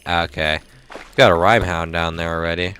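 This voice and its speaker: Low-voiced man swearing through a game. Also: fairly even intonation, moderate pace, a bit bright, soft background music. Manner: swears a lot, grumbles at the game. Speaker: gaming YouTuber. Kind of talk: casual let's-play commentary.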